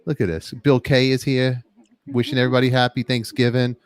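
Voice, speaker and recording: A man hosting a live online talk show, joking loudly and giving quick shout-outs to viewers in the chat. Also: mid-range voice, little pitch movement. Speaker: podcast host. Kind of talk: lively live-stream chat.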